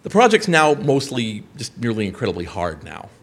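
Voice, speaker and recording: A man in his thirties telling a profane story to an audience, animated, swearing and jumping into quoted voices. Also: mid-range voice, brisk, husky.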